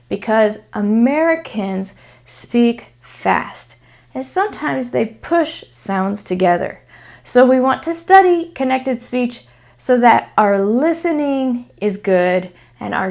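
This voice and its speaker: Woman English teacher, slightly high voice, slow, clear, repeats examples. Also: darkish tone. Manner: frequent "okay?" check-ins. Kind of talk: English pronunciation lesson.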